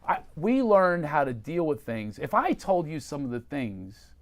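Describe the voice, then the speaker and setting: A male comedian from Philadelphia chats as a guest, spinning animated stories. His laughter keeps breaking into the telling. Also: fairly high pitch, a little slow. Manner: animated storytelling, laughing often. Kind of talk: casual interview chat.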